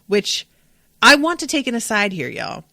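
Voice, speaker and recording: A woman hosting a podcast, recapping an episode in a casual, animated, profane and digressive way. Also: a little high, normal speed, creaky, no room sound. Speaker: podcast host.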